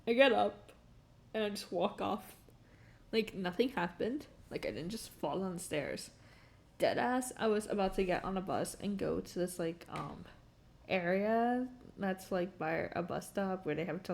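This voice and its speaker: Streaming, this young adult woman rambles through a story in a mid-range, somewhat mellow voice with vocal fry. Her delivery is animated yet measured, full of laughter and plenty of "like" and "um."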